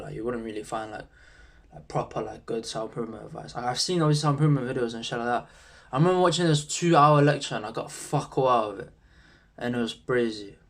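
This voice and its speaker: A young man, rambling casually in a self-improvement vlog, full of slang and swearing. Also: mid-range voice. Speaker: YouTuber.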